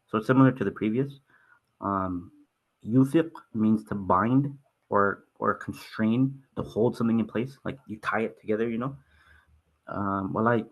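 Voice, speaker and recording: A young man teaching a Quran translation class, halting and restarting often and apologizing for stuttering. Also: lowish voice. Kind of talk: online Quran translation lesson.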